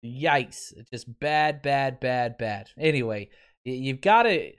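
A man's voice: medium pitch, slow pace, clean tone. A man in his thirties hosting a casual sports podcast, wry and exasperated, laughing often as he talks. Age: 30s.

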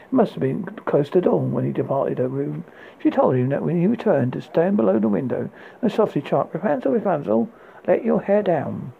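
A man's voice: fairly high pitch, big pitch swings, gravelly, slightly rough, phone-quality sound. A man reading a fairy tale excerpt aloud, stumbling and restarting now and then. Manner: halting read with restarts. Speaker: audiobook narrator.

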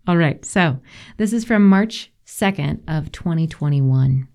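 A woman hosting a podcast, talking gently and slowly and guiding listeners to relax. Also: sits low, animated. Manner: soft, slow and soothing. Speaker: podcast host.

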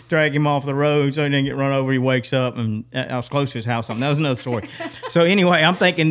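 A man, co-hosting a podcast, telling stories in a lively way, laughing often and acting out what people said. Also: a little high, brisk. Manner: animated, laughs often, acts out quotes. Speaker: podcast co-host. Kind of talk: casual storytelling chat.

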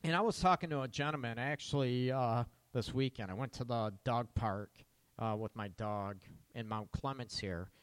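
A man's voice: mid-range voice, normal speed, clean tone, dry recording. A middle-aged man hosting a podcast, talking casually to listeners and throwing out rhetorical questions with a frequent "right?". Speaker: podcast host.

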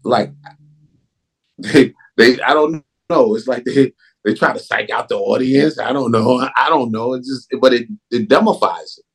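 A man who directs films, talking in a casual interview in an emphatic, animated way. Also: medium pitch, a little slow, creaky, slightly rough. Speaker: film director.

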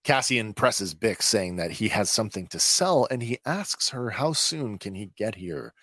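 A man's voice: on the low side, animated, unhurried, bright, forceful tone, dry recording, studio quality. A man hosting a podcast, casually recapping a TV episode in a hesitant, chatty way with many filler sounds. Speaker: podcast host.

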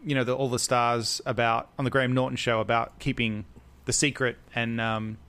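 A man's voice: medium pitch, level tone, moderate pace, sharp tone, clear, resonant tone. A man co-hosting a podcast, chatting casually and rambling with restarts and fillers. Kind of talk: casual chat.

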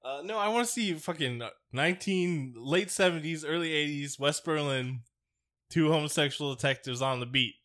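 A man's voice: on the high side, normal speed, a bit bright. A man co-hosting a podcast in casual chat, crude and rambling, joking as he goes. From United States. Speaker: podcast co-host.

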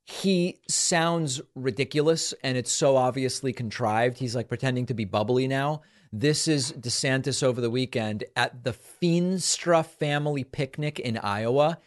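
A man hosting a political commentary show, sarcastic and mocking as he talks over clips. His voice sits at an ordinary middle pitch. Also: a little slow, hardly any pauses. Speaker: political talk show host.

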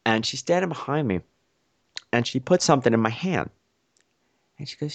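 A man hosting a podcast, telling a story excitedly and playfully mocking himself, often acting out what people said. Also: mid-range voice, moderate pace, vocal fry, long pauses. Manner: excitable, self-mocking, acts out quotes. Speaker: podcast host. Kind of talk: animated storytelling.

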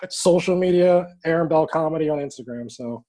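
A man, a comedian, chatting casually as a podcast guest in an easygoing, relaxed way. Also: on the high side, brisk.

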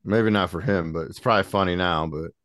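A man with a very deep voice hosts a relaxed interview. He reacts with short laughs and asks loose, rambling follow-up questions. The room sound is dry. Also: a little fast, dry recording. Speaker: podcast host. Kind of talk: casual interview chat.

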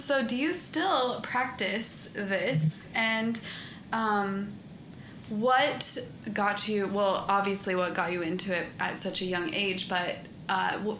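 Bright, slow-talking woman podcast host. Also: medium pitch, echoey room, a little hiss or hum, poor audio. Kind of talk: casual podcast interview.

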